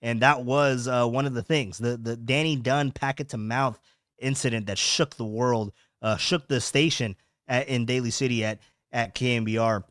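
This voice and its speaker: A young man hosts a casual podcast livestream from his home streaming setup, rambling, repeating himself and reading chat comments aloud. His medium-pitched voice is steady and fairly bright at a moderate pace. The studio-quality sound has no echo.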